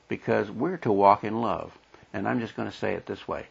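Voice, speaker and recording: Brief: husky, low-voiced man teaching a Bible lesson, muffled lo-fi tape. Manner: plain, conversational, pauses to explain verses. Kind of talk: recorded Bible class lesson.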